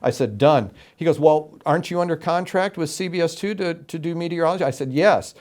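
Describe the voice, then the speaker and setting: A middle-aged man from Florida, an interview guest telling his story with animated, emphatic delivery and acted-out quotes. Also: on the high side, a little fast. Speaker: interview guest, game show announcer.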